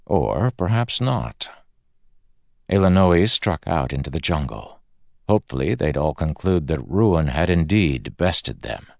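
A man reading a fantasy audiobook aloud in a measured, dramatic storytelling manner. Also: rumbling low, sing-song, creaky, dry recording, studio quality. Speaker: audiobook narrator. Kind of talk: scripted fantasy narration.

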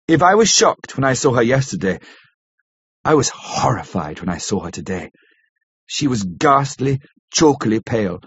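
A man narrates a classic novel at a measured, steady pace. His voice is husky and mid-pitched. The recording is dry and lo-fi. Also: dry recording. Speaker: audiobook narrator. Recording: dull lo-fi recording.

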